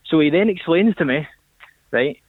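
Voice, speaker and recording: A man's voice: a little high, expressive, moderate pace, no echo. A young man calling in to a radio show, telling a story animatedly and acting out the voices in it. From Northern Ireland. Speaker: caller. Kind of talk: phone-in storytelling. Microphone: phone. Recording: tinny phone line.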